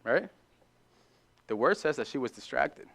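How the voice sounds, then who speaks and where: A male pastor preaching a sermon in an animated way, acting out short dialogues and repeating phrases for emphasis. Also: mid-range voice, measured pace, vocal fry. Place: church.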